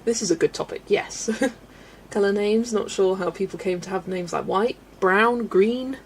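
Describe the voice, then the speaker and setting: A colouring livestream host with a medium-pitched voice talks at a moderate pace, chatting casually with her viewers while reading their comments and laughing frequently. Faint background noise is audible.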